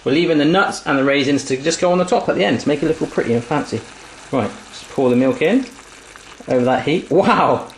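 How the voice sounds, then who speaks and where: A man's voice: fairly high pitch, fast. An English man with an English accent, chatting and joking with viewers during a casual cooking demonstration in his home kitchen. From England. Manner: chatty, jokey, talks to viewers while cooking. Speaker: cooking vlogger. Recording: echoey kitchen with frying noise. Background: sizzling frying pan.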